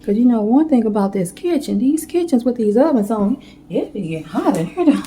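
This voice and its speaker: Woman, cooking vlogger with a mellow tone, chats heart-to-heart in a roomy kitchen. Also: on the high side, sing-song, a little fast, slight background noise. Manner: chatty, heartfelt, talks straight to viewers. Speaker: home baking vlogger. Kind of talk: casual cooking demo chat. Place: home kitchen.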